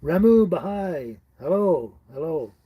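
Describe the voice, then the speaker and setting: A man's voice: fairly high pitch, expressive, slow pace, warm tone, husky, rough recording. A middle-aged man hosting a casual live stream, chatting with viewers by name in a rambling way and laughing often. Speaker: livestream host.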